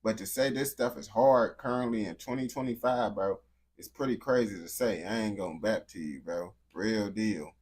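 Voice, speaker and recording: A man's voice: lowish voice, normal speed, a little hiss or hum. Slangy man reacting casually. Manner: slangy, repeats "bro" and "gang", restarts often. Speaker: reaction video host.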